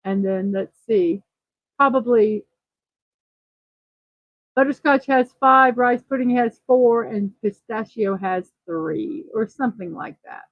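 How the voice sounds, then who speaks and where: A woman's voice: fairly high pitch, slow, no room sound, dull audio. A woman hosting a casual livestream morning show, chatting, reading viewer comments aloud and fumbling a little with numbers.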